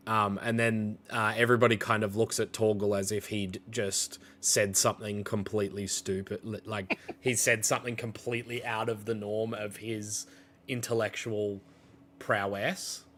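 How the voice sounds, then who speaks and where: Acting as game master, a man narrates a tabletop game hesitantly and full of fillers. His voice is on the low side and fairly bright, level in tone at a moderate pace, with slight background noise.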